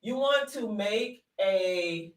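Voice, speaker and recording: A woman's voice: mid-range voice, animated, very slow, recorded from a distance, low-quality recording. A woman hosting a live online workshop, chatty and encouraging, full of y'all, calling viewers honey and sugar into a desk microphone. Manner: folksy, uses y'all often. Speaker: workshop host.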